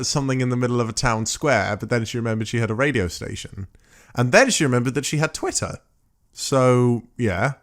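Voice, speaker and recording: A man chatting loosely on a podcast, his voice sitting in an ordinary middle pitch. He rambles, trips over his words and corrects himself often. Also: fairly bright tone. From England. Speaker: podcast co-host. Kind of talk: casual chat.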